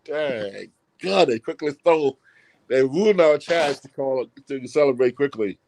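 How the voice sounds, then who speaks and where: A man's voice: medium pitch, lively intonation, measured pace, darkish tone, slight background noise. A man co-hosting a casual sports talk show, joking and rambling as he talks. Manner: joking, rambling, laughs often. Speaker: podcast co-host.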